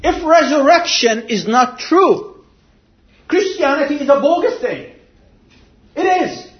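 A man preaching a sermon, slow and deliberate, telling a story and then pressing his point with emphatic swells. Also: extremely high pitch, big pitch swings, reverberant, lo-fi sound.

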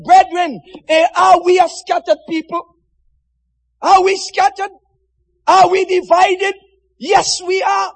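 A man preaching a sermon with passion, swinging from shouted lines to hushed, quiet ones. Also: very high voice, fairly even intonation, a little slow, in a large hall, rough recording. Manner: impassioned, swinging from shouts to near-whispers.

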